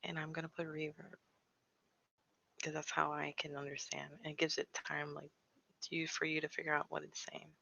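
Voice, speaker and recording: A woman's voice: low-pitched, flat delivery, normal speed, vocal fry, sharp tone, slight background noise. A young woman from Pennsylvania telling a ghost story in a casual, nervous way, laughing often and dropping into whispers. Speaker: paranormal vlogger. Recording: slightly dull lo-fi sound.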